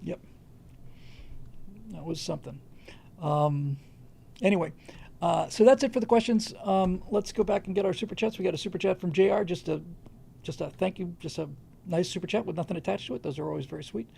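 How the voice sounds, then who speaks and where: A man's voice: sits high, brisk, gravelly, mellow, breathy edge. A man hosting a livestream, answering viewer questions in casual, rambling talk with frequent restarts. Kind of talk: casual unscripted commentary.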